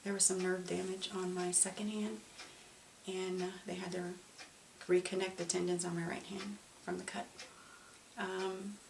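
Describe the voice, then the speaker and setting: A woman telling her own story in an interview, halting and emotional, with frequent restarts. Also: fairly low pitch, level tone, gravelly. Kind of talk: personal testimony. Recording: roomy, distant mic, faint noise.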